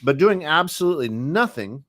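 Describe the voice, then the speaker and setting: A man's voice: on the high side, very animated, normal speed, a bit bright. A man co-hosting a podcast, talking earnestly in a casual motivational chat, often repeating words. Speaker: podcast co-host.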